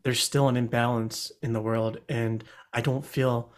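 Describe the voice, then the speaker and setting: A man's voice: mid-range voice, little pitch movement, lightly acted. A man doing a hesitant praying adventurer. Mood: earnest. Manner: hesitant, halting, with restarts. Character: worried male adventurer in quiet prayer.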